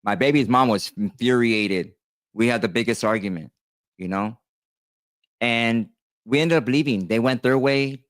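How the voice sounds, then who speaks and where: On a dry recording, a man in his thirties with a lowish voice, a tattoo artist, talks straight to his viewers. He rambles casually through a personal story, using lots of fillers and restarts.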